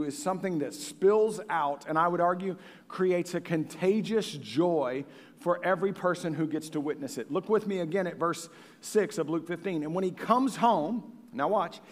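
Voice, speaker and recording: A man with a high, voice preaches with passion. His delivery swings from near-whispers to booming emphasis. Long reverb trails every phrase, as in a large hall. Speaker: pastor. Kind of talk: sermon.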